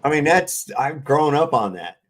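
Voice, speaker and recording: A man's voice: fairly high pitch, animated, moderate pace, fairly bright tone. A man hosting a casual livestream panel chat, telling stories in a loose, profane way and laughing often. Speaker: livestream host.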